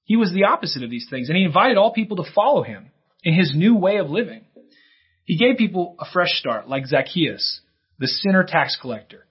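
Husky-voiced man preaching a sermon. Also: fairly high pitch, lo-fi sound. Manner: earnest, emphatic preaching with rising bursts. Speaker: pastor.

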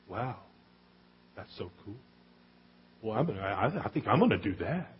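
A middle-aged man preaching a conversational sermon, slipping into quick character voices as he retells stories. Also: fairly low pitch, animated, highs cut off, slight background noise. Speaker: pastor.

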